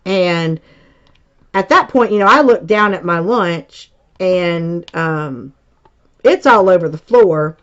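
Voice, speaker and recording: A woman and high school teacher chatting casually as she tells a story from her childhood, rambling and full of filler words. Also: expressive, slow, fairly bright tone. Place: home crafting space. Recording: dull lo-fi recording.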